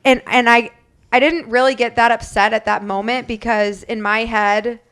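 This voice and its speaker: A woman co-hosting a podcast, telling a lively story and acting out the quotes of others. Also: a little high, moderate pace, clear, resonant tone. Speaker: podcast co-host. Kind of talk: casual storytelling chat.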